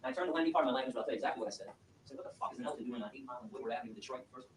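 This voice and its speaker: A man from Michigan giving an impassioned speech to an audience and taking questions, telling his story in a fast, emphatic, animated way. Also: mid-range voice. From Michigan, USA. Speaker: activist lecturer. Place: lecture room with audience. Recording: echoey room, distant mic, faint hiss.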